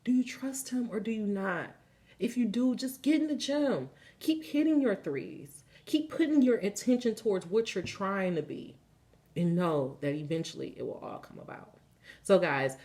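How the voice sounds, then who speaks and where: Woman doing a spiritual card reading on her channel, hyped up, cussing, laughs a lot, slows down for the affirmations, mid pitch. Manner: excitable and profane, laughing often; switches to slow, solemn reading aloud. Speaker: card reader and channel host. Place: seated indoors.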